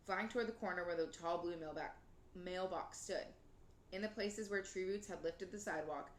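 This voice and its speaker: A woman reading a children's novel aloud in a steady, gently expressive way. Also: on the low side. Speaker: reader. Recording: roomy with faint noise.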